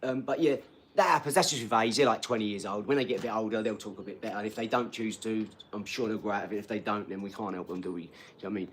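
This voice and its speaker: A man's voice: on the low side, very fast, a little hiss or hum. Rambling man in his forties. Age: 40s. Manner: rambling, chatty, says 'do you know what I mean'. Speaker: livestream host. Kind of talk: casual chat, reading out viewer comments.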